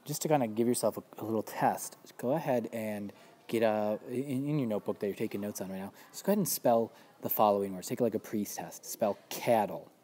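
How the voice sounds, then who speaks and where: A man with a fairly low, mellow voice walks students through a recorded spelling lesson. He keeps it relaxed and informal, with plenty of fillers. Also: fast. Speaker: teacher.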